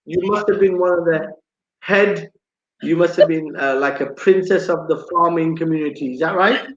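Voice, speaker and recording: A man's voice: on the high side, moderate pace, roomy sound, highs cut off. A man hosting a live chat show, chatty and teasing, who says "excellent" a lot. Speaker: host. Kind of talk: live radio-style chat.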